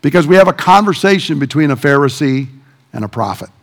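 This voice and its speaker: Male preacher, slightly high voice, vivid storyteller who builds emphasis. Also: lively intonation, a little fast. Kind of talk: sermon.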